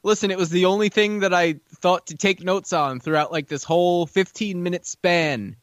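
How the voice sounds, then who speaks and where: Male podcast co-host, high voice, deadpan quips. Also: moderate pace, no echo. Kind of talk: casual chat.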